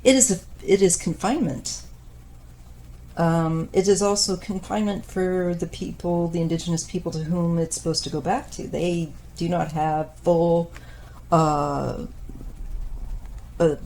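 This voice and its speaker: Slow, low-voiced woman in her fifties. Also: fairly even intonation, a little mellow, a little hiss or hum. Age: 50s. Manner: unhurried, thoughtful, with frequent pauses and fillers. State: losing her voice. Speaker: tarot reader. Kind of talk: casual tarot reading monologue.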